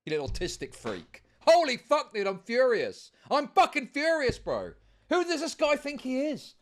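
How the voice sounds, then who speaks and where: A streamer ranting furiously, yelling insults and profanity. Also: male voice, extremely high pitch, very animated, measured pace. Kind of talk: angry streamer rant.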